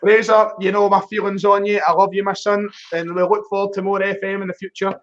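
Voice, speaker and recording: A man chatting casually as a guest on a fan football stream, animated and self-mocking. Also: sits high, fast, highs cut off. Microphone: online voice call.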